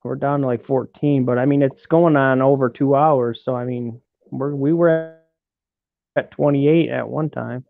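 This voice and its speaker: A man hosting a live stream chats loosely and easily, with casual swearing. His voice is at a middling pitch for a man. The sound is narrow and tinny, like a phone line. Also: fairly even intonation, measured pace, creaky, faint music behind. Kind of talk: casual chat. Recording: tinny phone-like call audio.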